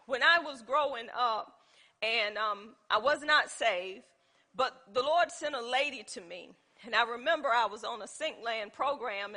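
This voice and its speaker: A woman gives an informal Bible teaching, telling stories from her own life as examples and asking her listeners questions. Her voice is on the high side, pushed and bright.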